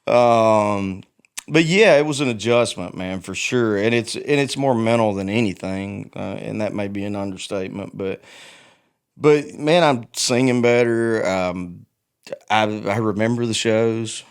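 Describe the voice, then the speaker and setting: A man in his forties speaks as a guest in a casual conversation, open and quick to poke fun at himself. His voice is smooth and resonant, and it sits on the lower side. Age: 40s. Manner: frank and self-deprecating, laughs easily. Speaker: guest musician.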